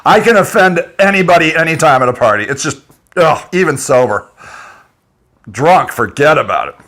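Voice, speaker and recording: High, lively-voiced man ranting profanely. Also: normal speed. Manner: profane, agitated, laughing between lines. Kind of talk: unscripted ranting monologue.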